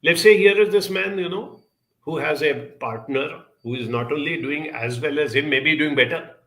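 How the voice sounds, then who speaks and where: A man's voice: on the high side, normal speed, a bit bright. A man giving a reflective monologue, telling a childhood story and acting out the voices of the people in it. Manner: storytelling, acts out quoted voices. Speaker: speaker giving a talk.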